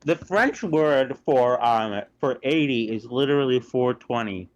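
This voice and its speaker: A young man in casual chat who throws in quick, deadpan quips. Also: mid-range voice, highs cut off.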